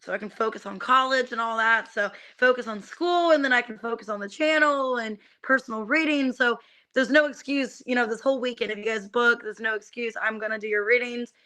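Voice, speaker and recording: Bright chatty young woman reading tarot. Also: on the high side, a little fast. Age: young adult. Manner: chatty, many fillers, greets viewers by name. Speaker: tarot reader streaming live. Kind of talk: casual live-stream chat.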